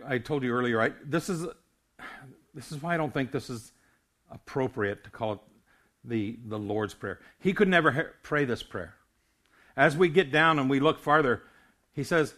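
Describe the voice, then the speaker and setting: A man's voice: medium pitch, fairly bright tone. An older man preaching a sermon as a pastor, earnest, often stumbling and restarting his words.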